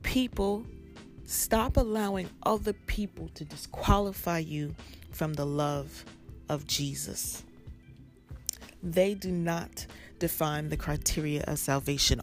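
A woman's voice: low voice, slow pace, faint music behind. A woman preaching a sermon with an emphatic, repetitive cadence.

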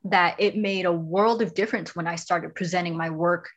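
A woman reading her own poem aloud, then chatting about it in a halting, measured way. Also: lowish voice, fairly even intonation, lo-fi sound. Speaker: poet and guest. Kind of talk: poetry reading and casual chat.

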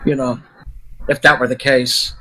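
Bright-voiced man from New York. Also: medium pitch, little pitch movement, measured pace, low-quality recording. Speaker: guest. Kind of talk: casual chat.

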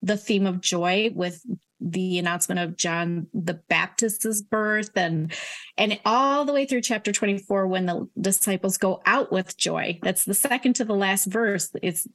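A woman's voice: on the low side, measured pace, fairly bright tone. A middle-aged woman, an author, speaking earnestly in a casual interview about her faith, with some fillers and restarts. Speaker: author guest. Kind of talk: casual Christian interview talk.

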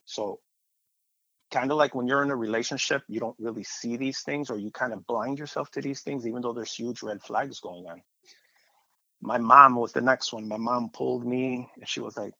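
A man sharing a personal testimony in a lively storytelling way, acting out the voices of the people he quotes. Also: mid-range voice, moderate pace, breathy edge, no room sound. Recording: dull, muffled sound.

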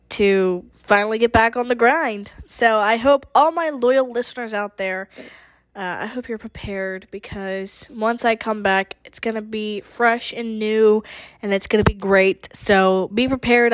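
A woman's voice: mid-range voice, no room sound. A young woman talks straight to her podcast listeners in a loose, rambling way, full of ums and restarts. She sounds emotional and earnest. The recording is dry and close, with no room sound. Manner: emotional, rambling with many fillers. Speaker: podcast host. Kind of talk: casual personal update to listeners.

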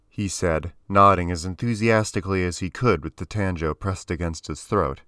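A man narrating a story in an even, measured audiobook style. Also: low voice, dry recording, studio quality.

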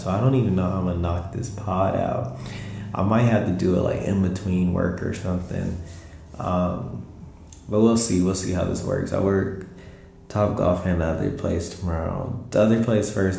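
Tired man with a deep, gravelly voice. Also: dark tone. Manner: laid-back, slangy, rambling. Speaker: podcast host. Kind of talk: casual late-night monologue. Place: at home at night, indoors. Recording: roomy echo with faint music.

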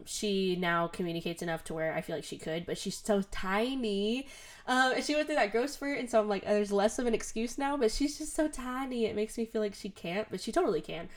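A young woman chats casually as a podcast host, recording at home. She rambles warmly through her thoughts with plenty of "um" and "like" and laughs often. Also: mid-range voice. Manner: chatty, many fillers, laughs often.

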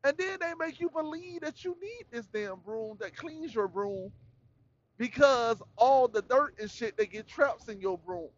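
A man hosting a solo podcast, talking in a rambling, slangy, animated way. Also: very high voice, unhurried, dull audio. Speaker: podcast host.

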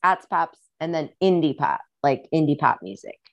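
A woman's voice: low-pitched, big pitch swings, moderate pace, gravelly, no room sound, dull audio. A young woman with a Midwestern accent, chatting casually and a little rambling as a guest on a podcast. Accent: Midwestern American. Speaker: musician and guest.

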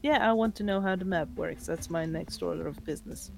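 A woman player speaking in character in a tabletop game, thoughtful and deliberate. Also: fairly low pitch, gravelly, faint music behind.

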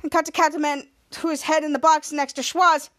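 Lady podcaster with a high voice, rambling through a show recap, jumps into quick character lines. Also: fairly even intonation, a bit bright. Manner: retells scenes with quick quoted voices, rambling restarts. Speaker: podcast host. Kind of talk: casual episode recap.

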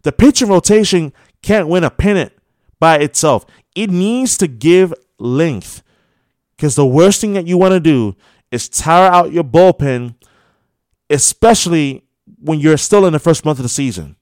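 A man's voice: a little high, expressive, a little slow, darkish tone, dry recording, studio quality. A man hosting a sports radio show, giving a heated opinion monologue full of scolding rhetorical questions. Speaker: radio host.

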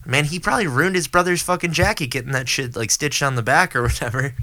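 A man's voice: on the high side, quick pace, bright, forceful tone. A man co-hosting a podcast who rambles, swears freely, and acts out lines in funny voices. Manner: rambling, profane, acts out quotes. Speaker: podcast co-host. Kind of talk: casual chat.

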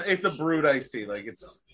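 American co-host, blunt and wisecracking, swears, bright voice that bounces all over. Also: male voice, a little high, very animated, unhurried, low-quality recording. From United States. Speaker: podcast co-host. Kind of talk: casual chat.

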